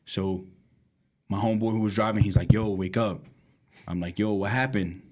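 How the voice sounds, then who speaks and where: A young man, co-hosting a podcast and telling a wild story in slangy casual chat, acting out quotes and laughing. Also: normal speed. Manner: animated, slangy, acts out quotes with big pitch jumps and laughter. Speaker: podcast co-host.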